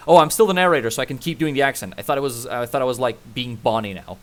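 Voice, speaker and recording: A man commentating his live game stream, excitable and profane, breaking into loud yells. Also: medium pitch, racing, few pauses.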